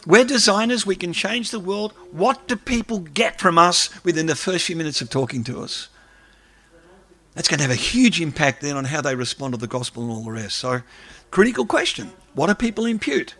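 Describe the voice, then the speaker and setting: A man, an academic, giving a lively lecture and taking questions from the audience. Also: on the high side, fairly quick. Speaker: academic speaker.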